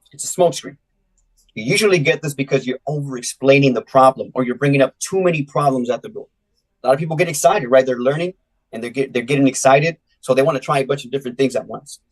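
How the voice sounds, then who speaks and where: Casting: energetic male sales trainer from California, mid-pitched, coaching and acting out doorstep dialogue. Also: fast, low-quality recording. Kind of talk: live online sales training.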